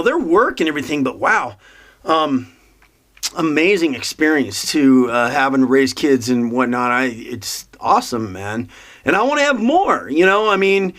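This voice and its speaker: A man's voice: high voice, fairly bright tone. A man in his fifties talking in a rambling monologue, meandering through thoughts with frequent restarts and fillers. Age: 50s. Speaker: motivational vlogger.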